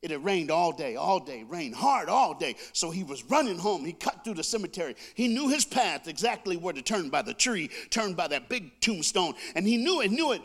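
A male preacher telling a comic story in a sermon, animated, with sound effects and call-and-response. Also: sits high, normal speed, hardly any pauses.

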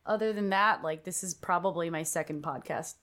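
A woman guest on a podcast, chatting casually and telling animated stories with swearing. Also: fairly low pitch, a little fast. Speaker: podcast guest, musician and streamer. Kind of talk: casual chat.

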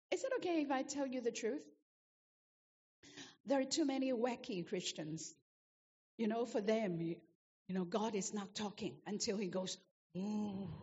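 A woman's voice: a little high, dark tone, in a large hall, dull audio. A woman preacher delivering a sermon, emphatic and repetitive, asking the congregation rhetorical questions.

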